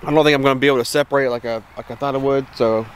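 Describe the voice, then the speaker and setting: A man with a Southern American accent talks through a casual homestead vlog outdoors. He rambles, restarts his sentences and sounds eager. His voice sits at an everyday middle pitch, with faint outdoor noise behind him. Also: fairly even intonation, rapid-fire. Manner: rambling, enthusiastic, many restarts. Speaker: homesteader vlogger. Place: outdoors in a yard.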